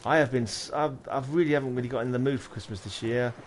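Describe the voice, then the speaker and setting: A man's voice: mid-range voice, fast talker, slight background noise. A man, chatting casually on a game livestream and muttering to himself while he builds. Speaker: game streamer.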